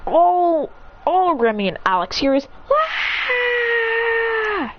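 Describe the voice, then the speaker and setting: Lively woman rambling through a story. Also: mid-range voice, normal speed. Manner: rambling, self-correcting, acts out characters' lines. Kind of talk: casual improvised story narration. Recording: dull lo-fi recording with faint noise.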